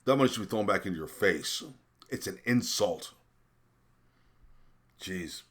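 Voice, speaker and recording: An indignant man with a very low voice rants through a list of spending figures. He swears, trips over his words and leans on fillers as his anger builds. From American. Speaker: vlogger. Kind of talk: ranting commentary.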